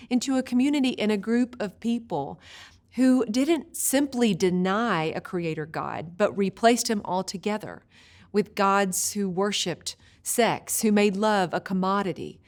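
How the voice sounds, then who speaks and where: Speaking in a medium-pitched voice, this woman leads a video Bible study, telling stories expressively and easing her pace whenever she paints a vivid image.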